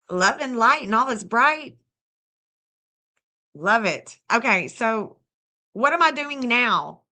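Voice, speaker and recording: A woman's voice: fairly high pitch, animated, measured pace, long pauses, pushed and bright. A woman hosting a casual livestream, gushing over viewers and thanking them by name. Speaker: livestream host and astrologer.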